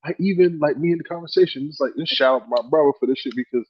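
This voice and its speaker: Casual podcast co-host, male, husky, talks in swinging storyteller bursts, slightly muffled audio. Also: a little high, rapid-fire. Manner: animated storytelling, acting out quoted friends; swears freely, many "like" fillers.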